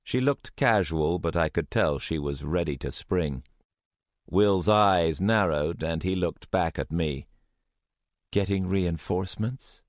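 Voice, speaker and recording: Deep-voiced male audiobook narrator. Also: measured pace, no room sound, studio quality. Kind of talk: first-person audiobook narration.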